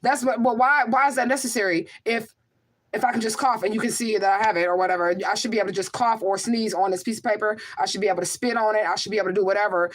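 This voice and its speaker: Fast-talking and medium-pitched, with fairly even intonation, a woman hosts a relaxed livestream. She is a spiritual medium who reads comments from viewers aloud and replies emphatically and rhetorically, repeatedly asking "okay?".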